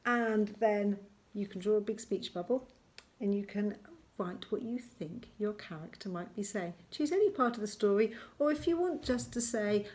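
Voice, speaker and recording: A woman teaching a recorded lesson to young children, gentle and encouraging, slowing down to spell out words as she writes them. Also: mid-range voice, lively intonation. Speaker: primary school teacher.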